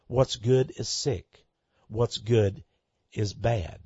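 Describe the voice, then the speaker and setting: A man preaching a sermon to listeners he calls friends, swinging between loud outbursts and hushed asides. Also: on the low side, fairly even intonation, very slow, husky, no room sound. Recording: dull lo-fi recording.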